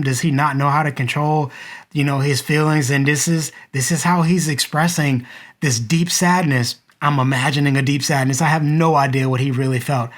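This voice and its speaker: A man, in his thirties, earnestly telling a personal story to the viewer and reflecting on it as a father. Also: a little high. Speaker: vlogger and father.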